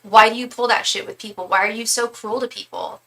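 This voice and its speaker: A woman's voice: on the high side, steady tone, a little fast, sharp tone. A woman voicing a kind middle-aged woman who scolds her friend in an exasperated way.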